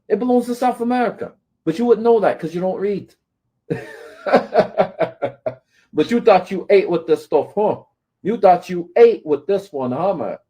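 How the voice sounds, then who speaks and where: With a high, warm voice, a male commentator delivers a confrontational rant to camera. He goes after his critics, scolding and taunting them and often asking "right?".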